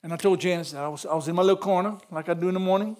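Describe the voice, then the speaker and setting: An older man preaching in a church, emotional, repeating phrases and rising to loud peaks. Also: high voice, steady tone, very fast. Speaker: pastor. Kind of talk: sermon.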